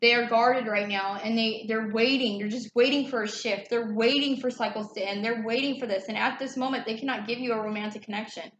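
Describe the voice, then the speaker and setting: A woman's voice: fairly high pitch, steady tone, fairly quick, few pauses, fairly bright tone, dull audio. A woman reading tarot in a casual, chatty way, loose and swearing freely. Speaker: tarot reader. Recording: echoey room, faint background noise.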